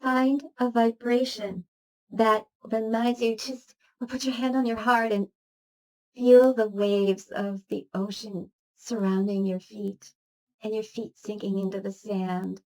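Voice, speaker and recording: A woman's voice: medium pitch, level tone, unhurried, dark tone. A woman giving a motivational spiritual talk as a spiritual teacher, earnestly reciting long lists of affirmations.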